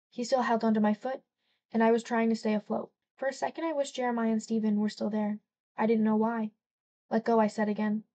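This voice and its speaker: A woman's voice: on the high side, warm tone, low-quality recording. A woman narrating a first-person novel as an audiobook, reading expressively and lightly acting out the dialogue.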